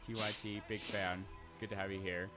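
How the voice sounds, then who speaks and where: A man's voice: low-pitched, level tone, fairly quick, sharp tone, faint music behind. A young man streaming live, reading chat aloud and answering in a brash, profane way with lots of stammered restarts.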